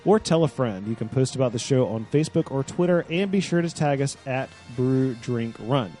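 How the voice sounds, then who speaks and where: A man's voice: medium pitch, animated, normal speed, dark tone, soft background music. A man hosting a casual beer podcast, talking with enthusiasm and laughing often. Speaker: podcast host.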